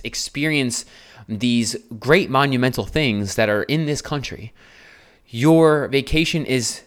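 A man's voice: medium pitch, a bit bright. A man from New Jersey, a coach hosting a podcast, talking in a casual monologue that is emphatic and repetitive, with frequent swearing and rhetorical questions. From New Jersey, USA.

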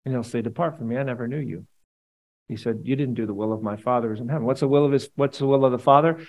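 Animated man preaching. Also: medium pitch, vocal fry, rough recording. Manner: conversational, animated preaching with playful asides. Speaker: pastor. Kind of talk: sermon.

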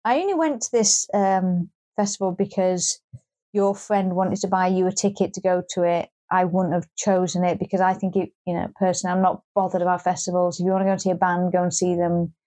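A woman's voice: lowish voice, steady tone, fairly quick, dark tone. Chatty woman, wry grumbling. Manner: chatty, wry and grumbling, with frequent restarts and swearing. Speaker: podcast co-host. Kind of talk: casual chat.

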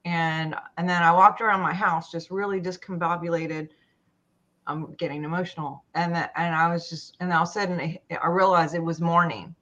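A woman with a slightly low voice tells her own story in a group talk. She hesitates a lot and restarts her sentences, and the sound is dull and lo-fi. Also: steady tone, a bit bright. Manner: halting, full of fillers and restarts. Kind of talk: personal story in a discussion.

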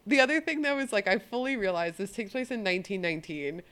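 A woman hosting a podcast in casual chat, animated and swearing casually. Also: medium pitch, fast. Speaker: podcast host.

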